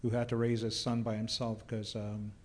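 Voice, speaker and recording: A man's voice: fairly low pitch, normal speed, a little hiss or hum. Guy, tour guide, laid back, spins stories with dry jokes. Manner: relaxed storyteller, dry humor, many fillers. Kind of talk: casual storytelling chat.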